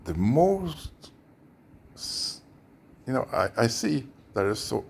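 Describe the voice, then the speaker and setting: Swedish-accented ex-therapist, low rasp, slow and unhurried, intense rambling talk with whispered asides. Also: male voice, sing-song, a little hiss or hum. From Sweden. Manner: intense, conspiratorial, lapsing into whispers. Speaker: former therapist. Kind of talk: rambling monologue.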